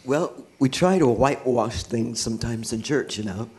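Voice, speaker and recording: A man's voice: mid-range voice, moderate pace, darkish tone. A middle-aged man, a guest in an interview, telling his own life story with earnest feeling and a laugh now and then. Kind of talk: personal testimony in church.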